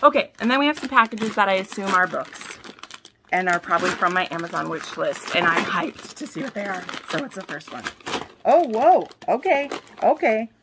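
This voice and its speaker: A young woman vlogging, gushing over packages she has opened, with gasps and sudden squeals that drop back to soft whispers. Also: fairly low pitch, a little fast, background noise. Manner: drops to soft whispers between bursts. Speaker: book vlogger. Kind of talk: casual vlog unboxing.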